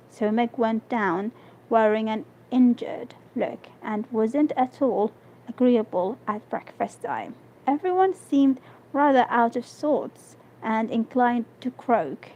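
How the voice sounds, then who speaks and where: A woman whose first language is Arabic, reading a novel aloud on a live stream, halting and restarting words. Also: fairly high pitch, lively intonation, dark tone. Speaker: reader. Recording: dull lo-fi stream audio.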